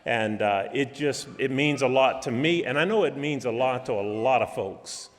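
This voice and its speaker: A middle-aged man preaching a sermon in a church, folksy and halting, with many restarts and fillers. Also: medium pitch. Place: church hall. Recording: reverberant church hall.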